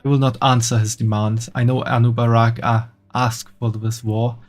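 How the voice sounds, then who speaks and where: A man's voice: medium pitch, level tone, moderate pace, faint music behind, natural voice. A man reading as a proud, solemn insect queen.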